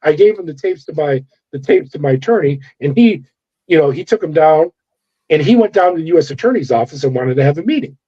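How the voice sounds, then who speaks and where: A middle-aged man, a former corrections officer, telling his story in an interview with animated, profane delivery and acted-out dialogue. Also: a little high, fast, husky. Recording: dull lo-fi audio.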